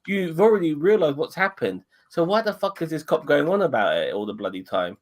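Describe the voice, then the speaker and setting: A man's voice: a little high, animated, fairly quick. A man hosting a casual podcast chat, blunt and ranting with lots of swearing. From United Kingdom. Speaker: podcast host.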